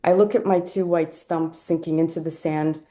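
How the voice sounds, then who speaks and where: A woman reading a personal essay aloud at a live event, wry and lively when she voices the people she quotes. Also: deep voice, moderate pace. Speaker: essay reader.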